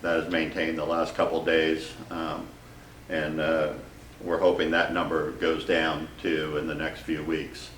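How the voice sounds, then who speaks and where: A man with a very low, flat voice reads out figures slowly and haltingly, filling gaps with ums. He sounds set back from the mic in an echoey room with faint hiss. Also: distant mic. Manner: halting, unhurried, reads numbers with many fillers. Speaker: official giving hospital figures. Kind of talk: press briefing update.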